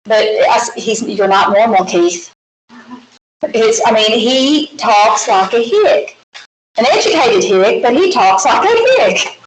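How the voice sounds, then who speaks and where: A woman's voice: fairly high pitch, lively intonation, a little slow. A woman with a Southern US accent teaching a math lecture, walking through problems step by step with chatty, folksy asides. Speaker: math instructor. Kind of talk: recorded classroom lecture. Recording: echoey classroom with faint hiss.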